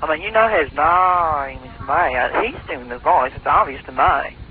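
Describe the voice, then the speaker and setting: A man's voice: on the high side, expressive, unhurried. A man posing as a phone operator in a prank call, rambling and hesitant with a mock-official tone. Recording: tinny phone line, faint hiss.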